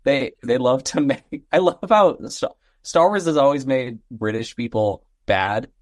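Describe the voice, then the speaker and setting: A man's voice: mid-range voice, a little slow, no room sound, studio quality. A man guest on a casual podcast, talking enthusiastically and breaking off his own sentences. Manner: enthusiastic, self-interrupting. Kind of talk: casual chat.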